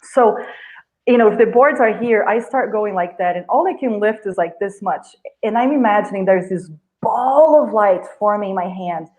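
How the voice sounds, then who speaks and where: A woman, a guest healer, telling an animated story over a video call and acting out sounds and gestures. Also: mid-range voice, moderate pace, low-quality recording. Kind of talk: storytelling in a live video chat.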